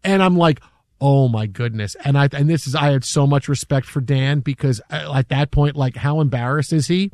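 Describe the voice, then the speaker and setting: A middle-aged man hosting a sports talk show, telling a story in an animated way and acting out the voices of the people in it. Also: a little high, a little fast, hardly any pauses, no room sound. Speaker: sports radio host.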